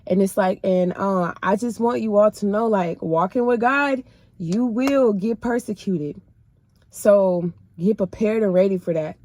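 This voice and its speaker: A woman's voice: medium pitch, a little slow, darkish tone. A woman sharing her personal faith testimony in casual, emotional storytelling, speaking straight to her viewers in a colloquial way.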